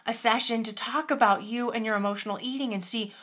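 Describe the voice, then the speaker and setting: A woman coaching her viewers on eating habits, with a bright, forceful tone and a voice sitting a little high. She sounds earnest and encouraging, and leans on repeated words to drive her points home. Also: fairly even intonation, fast. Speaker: weight loss coach. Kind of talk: direct-to-camera coaching talk.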